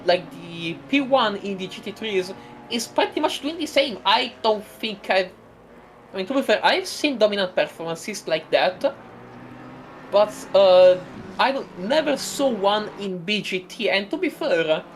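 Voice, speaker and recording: A woman doing casual live commentary on a sim race, playful and prone to giggling, with bursts of excitement. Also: medium pitch, unhurried, a little hiss or hum, low-quality recording.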